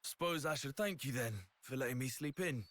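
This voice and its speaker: A man's voice: mid-range voice, a little fast, a bit bright, close to an everyday voice. An actor with a British accent voicing an easygoing, unbothered young man in a video game. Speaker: game character.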